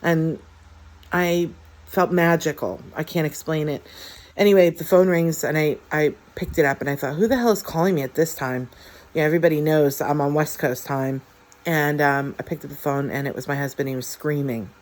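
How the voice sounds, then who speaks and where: A woman in her forties from the United States telling a personal story from her life, halting and heartfelt, with many fillers and restarts. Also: sits low, steady tone, darkish tone. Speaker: vlogger.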